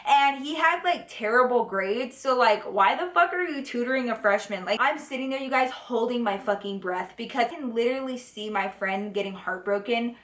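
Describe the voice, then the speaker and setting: Young woman, casual storytime, swears a lot, fairly high voice, echoey room. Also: moderate pace, few pauses. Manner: animated, profane, chatty. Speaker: vlogger.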